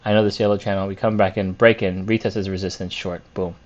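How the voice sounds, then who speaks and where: A man with a fairly low voice walks through his trades, openly picking apart his own mistakes. He thinks out loud, with fillers and restarts as he goes. The recording sounds dull and lo-fi. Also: little pitch movement, fast. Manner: self-critical, candid, thinks aloud with fillers. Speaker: day trader reviewing his week. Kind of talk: screen-share trade review.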